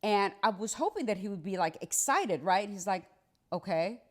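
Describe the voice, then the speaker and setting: A woman, a trial lawyer, telling a personal story in a casual, conversational monologue. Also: brisk. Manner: animated, acts out dialogue with big pitch swings; conversational, many fillers like "like" and "right".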